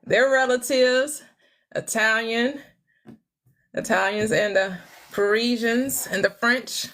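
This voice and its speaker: A woman in her forties hosting a casual livestream, laughing often as she answers viewer comments and tries out halting schoolbook French. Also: fairly high pitch, a bit bright. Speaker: livestream host. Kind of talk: casual live chat reading viewer comments.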